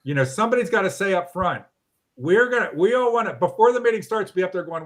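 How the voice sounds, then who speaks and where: A man hosts a casual online talk over a video call. He is blunt and animated and swears now and then. His voice sits a bit higher than most men's. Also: fast talker. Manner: blunt, animated, mildly profane. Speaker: host of a local politics livestream.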